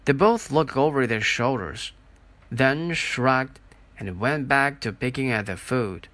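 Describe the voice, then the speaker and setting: A man narrating an audiobook in an expressive, unhurried storytelling manner. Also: mid-range voice, no room sound. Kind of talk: audiobook reading.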